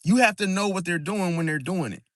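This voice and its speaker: A man with a high, somewhat bright voice speaks fairly quickly in a clean, echo-free studio recording. Hosting an astrology video as a casual monologue to camera, he's emphatic, keeps asking "see?" and calling the listener "bro," often restarting and repeating words as he explains.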